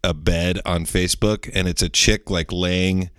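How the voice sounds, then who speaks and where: A man with a deep, low voice rambles through a relaxed podcast chat. He keeps restarting his sentences and leaning on fillers, and the recording is dry and close, with no room sound. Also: unhurried, clear, resonant tone, dry recording. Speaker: podcast co-host. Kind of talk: casual chat.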